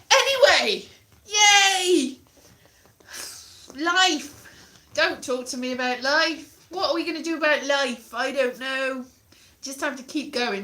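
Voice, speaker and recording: Woman, casual livestream, self-deprecating rambling, fairly high voice, echoey living room. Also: sharp tone. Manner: rambling, self-deprecating, greets chat mid-sentence. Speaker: livestreamer chatting to viewers. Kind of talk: casual rambling live chat. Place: parents' living room, indoors. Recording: roomy echo.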